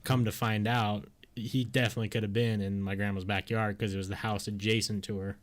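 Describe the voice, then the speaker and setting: Casting: male podcast co-host, lowish voice, loose and profane, casual. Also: flat delivery, fairly quick. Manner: loose, profane, laughs often. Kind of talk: casual chat.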